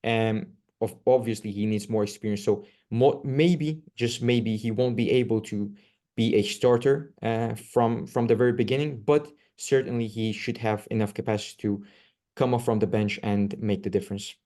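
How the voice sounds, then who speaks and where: A man with a low, mellow voice breaks down players for a football podcast. He speaks earnestly but haltingly, pausing on filler sounds as he builds his points. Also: fairly even intonation. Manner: hesitant, many filler uhs, earnest. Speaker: podcast co-host. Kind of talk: casual football analysis.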